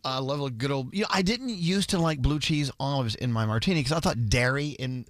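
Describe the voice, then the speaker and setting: A man's voice: medium pitch, lively intonation, brisk, no room sound. A man hosting a morning radio show, bantering playfully with his co-hosts in the studio. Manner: playful, teasing, laughs often.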